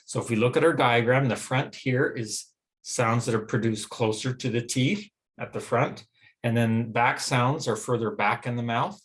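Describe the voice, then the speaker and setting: A man with a Western American accent gives a phonetics lecture. His voice sits at an ordinary middle pitch. He explains patiently and stretches out each vowel he demonstrates. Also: normal speed. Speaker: teacher.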